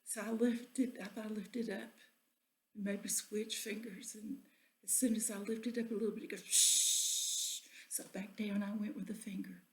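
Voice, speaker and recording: A woman's voice: mid-range voice, fairly even intonation, moderate pace, warm tone. Whispery woman telling a folksy story. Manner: drops often into a breathy whisper. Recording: echoey room.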